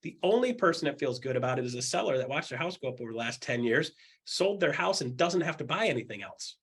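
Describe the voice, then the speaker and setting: Here's a husky, medium-pitched voice moving at a quick pace, belonging to a man who coaches a group of real estate agents. He jokes bluntly, performs the voices of those he quotes, and keeps repeating himself, all with plenty of animation.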